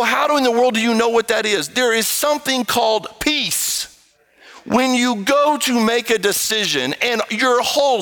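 A man preaching an animated sermon, reading scripture and raising his voice to exhort the congregation. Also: smooth. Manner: animated, shifts between low quotes and raised exhortation.

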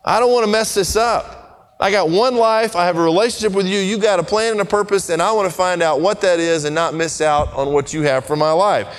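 A man preaching a sermon in an earnest, conversational way, his pitch and pace swinging from line to line. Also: a little fast, clear, resonant tone, long reverb tail. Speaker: pastor.

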